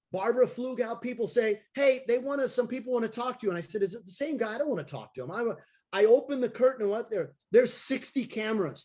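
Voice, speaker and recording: A man, a circus clown and daredevil, telling an animated story on a video call and acting out the voices of the people in it. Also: very high voice. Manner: excitable, acts out voices of people in his stories.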